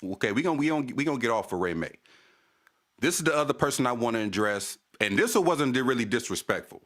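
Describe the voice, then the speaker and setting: A man's voice: medium pitch, lively intonation, fast talker, fairly bright tone. Guy going off on his stream, cussing a lot and saying stuff twice. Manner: profane, heated, repeats himself. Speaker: channel host. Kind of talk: casual live-stream rant.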